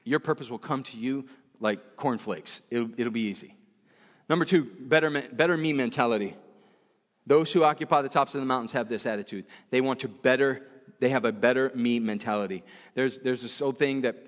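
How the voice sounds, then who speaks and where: A man's voice: mid-range voice, in a large hall. A man preaching a sermon in a church, emphatic and repetitive, often restarting his phrases.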